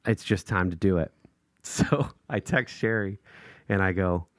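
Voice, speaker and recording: A man's voice: deep voice, a little slow, no room sound, clean studio sound. A man co-hosting a podcast, telling a casual story with lots of laughter and acted-out quotes. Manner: animated, laughs often, acts out quotes in raised voices. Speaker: podcast co-host.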